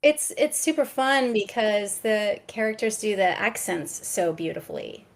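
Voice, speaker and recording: A woman author chatting as a podcast guest, enthusiastic and quick to laugh, often restarting her sentences. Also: mid-range voice, expressive, vocal fry. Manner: frequent restarts and stammers. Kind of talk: casual podcast chat.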